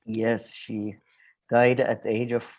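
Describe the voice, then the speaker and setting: A man's voice: mid-range voice, slow. Rambling, sarcastic male podcast co-host. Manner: rambling, animated, sarcastic asides. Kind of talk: casual chat.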